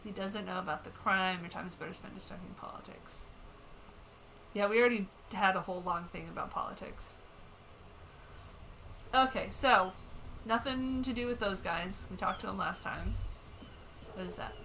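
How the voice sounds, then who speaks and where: A woman's voice: medium pitch, moderate pace, long pauses, pushed and bright, slight background noise, low-quality recording. A woman streamer chatting casually while playing a game at home, candid and swearing, reading in-game text aloud as she goes. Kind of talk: casual gameplay chat.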